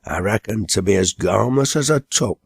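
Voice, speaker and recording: A man voicing a jittery young village farmhand with a broad Lancashire accent, rambling excitedly. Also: lowish voice, moderate pace, vocal fry, breathy edge, no echo, clean studio sound, heavily acted. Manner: rambling, excitable dialect tale.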